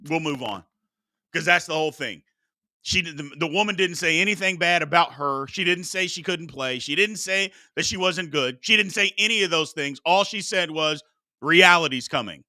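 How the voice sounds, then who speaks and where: Bright, high-voiced combative sports host. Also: male voice, moderate pace, no echo, studio quality. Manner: combative, preachy, exclaims "Lord have mercy". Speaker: sports talk show host. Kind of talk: solo sports talk with live chat.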